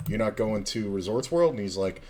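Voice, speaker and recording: A man's voice: fairly low pitch, expressive, a little fast, darkish tone, a little hiss or hum. A man from South Florida, streaming poker and telling a long, profane, rambling story full of fillers. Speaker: streamer playing online poker. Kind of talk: casual storytelling chat while playing.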